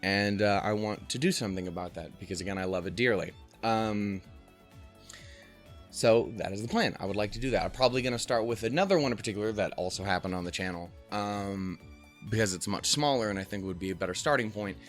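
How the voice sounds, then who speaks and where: A man's voice: lowish voice, quick pace, faint music behind. A man hosting a let's play, rambling, joking and swearing casually as he comments on the game.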